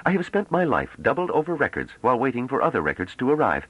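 Guy doing a calm bookish historian, measured, lively pitch, dry sound. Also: breathy edge, dry recording, lo-fi sound. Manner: measured, reasoning. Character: calm, placid male historian. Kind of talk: audiobook character reading.

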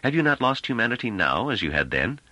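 A man voicing a blunt, skeptical man who questions forcefully and flares into anger. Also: medium pitch, very animated, fast, no echo, voice pushed up. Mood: doubtful.

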